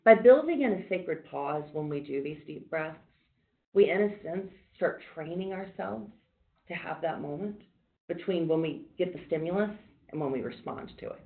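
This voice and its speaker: A woman mindfulness instructor leading a workshop, talking people through deep breathing in a calm, reassuring, conversational way. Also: moderate pace. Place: workshop room. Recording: echoey room on a tinny, phone-like line.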